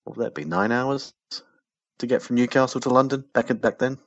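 A man chatting casually as a podcast co-host, full of trivia and quick asides. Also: mid-range voice, fairly even intonation, no echo, lo-fi sound. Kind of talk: casual chat about old British TV.

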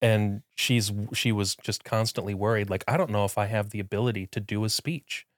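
A man's voice: on the low side, brisk, no echo, studio quality. A man co-hosting a podcast in casual chat, talking supportively about his partner. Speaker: podcast co-host.

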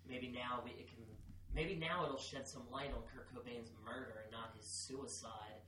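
A man's voice: medium pitch, steady tone, moderate pace, poor audio. A man co-hosting a podcast, trading crude jokes and riffs in casual chat. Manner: joking banter, crude riffs. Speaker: podcast co-host.

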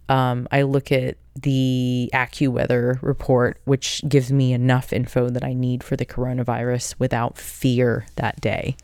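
A woman hosting a casual solo podcast, answering listener questions in a blunt, upbeat way and swearing freely. She talks at an unhurried pace in a smooth, clean voice. The sound is dry and close. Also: very deep voice, darkish tone, no room sound. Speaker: podcast host.

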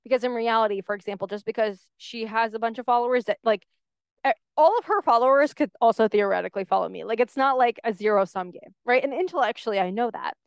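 Her voice is fairly high and she talks fast, sounding clear and resonant in a studio-quality recording with no echo. She hosts her own podcast, speaking candidly and animatedly on her own and leaning heavily on "like".

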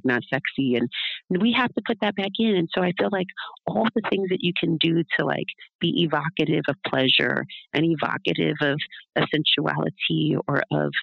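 Woman, interview guest, gravelly voice, rambling reflective chat, dry close lo-fi sound. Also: low-pitched, dry recording. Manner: rambling and reflective, with frequent tag questions. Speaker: guest, doula. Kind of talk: casual interview talk. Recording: dull, lo-fi, dry.

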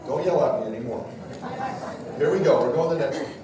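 A middle-aged man giving a church talk to a live audience, telling lively stories that poke fun at himself. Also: mid-range voice, quick pace, heavy background noise. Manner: lively storyteller, jokes at his own expense. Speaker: speaker at a church parenting talk. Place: large echoey room with a live audience. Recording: echoey hall recording from far off.

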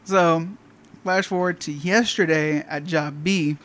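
A man casually telling a funny work story to friends, animated and laughing often. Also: fairly high pitch, slow. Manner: animated, acts out callers' voices, laughs often.

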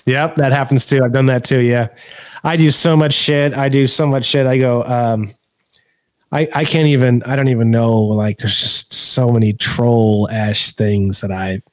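Man, podcast guest, swears a lot, animated storyteller, dry close mic. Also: medium pitch, unhurried, dry recording. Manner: profane, laughing, animated storyteller. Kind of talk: casual podcast conversation.

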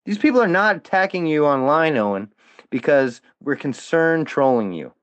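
Angry, profane and confrontational, a guest who used to follow a comedian rants at the people he blames, his pitch ranging widely from lows up to sharp highs with lively intonation. He speaks at a normal speed, and the recording is muffled, dry and dull, lo-fi with no room sound.

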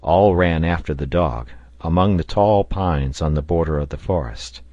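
Male audiobook narrator, steady reading, low voice, dry close recording. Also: normal speed, dry recording, dull audio. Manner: steady, even-paced reading.

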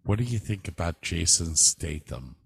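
A man co-hosting a casual chat, asking his partner questions at an unhurried pace. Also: sits low, sing-song, vocal fry, breathy edge, dry recording, studio quality. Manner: leads with questions, slow and drawn out.

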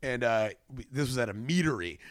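A man's voice: mid-range voice, expressive, brisk, no echo, studio quality. Rambling, swearing male comedian. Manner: rambling storyteller, lots of "like" and swearing. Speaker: comedian guest. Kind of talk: casual podcast chat.

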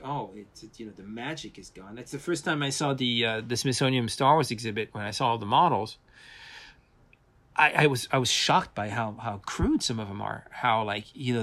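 A man's voice: mid-range voice, a bit bright. A man working in animation and visual effects, a guest telling casual stories with many restarts. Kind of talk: casual anecdotal interview.

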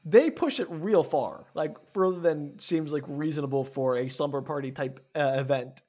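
A podcast guest chatting casually about a movie, lively and giggly, talking in quick bursts. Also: medium pitch.

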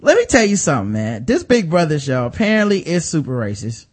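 A man's voice: a little high, wildly swooping pitch, fairly quick. A man co-hosting a podcast in casual, profane, sarcastic chat, telling stories with animation. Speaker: podcast co-host.

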